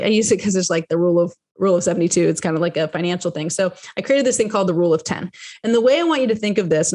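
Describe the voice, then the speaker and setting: Chatty woman podcast host coaching. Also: medium pitch. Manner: chatty, animated storytelling with lively quoted voices; repeats and restarts phrases while explaining. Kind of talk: solo podcast teaching.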